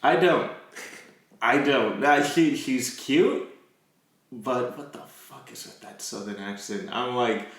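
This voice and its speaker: A young man co-hosts a casual anime podcast, blunt and profane, breaking into laughs. His mid-pitched voice rings in a heavily reverberant room. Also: slow pace, fairly bright tone. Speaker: podcast co-host. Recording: very echoey room.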